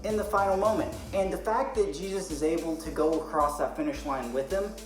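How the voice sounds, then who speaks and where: Young male podcast co-host, animated storyteller, casual swearing; echoey room, faint music. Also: on the high side, a little fast.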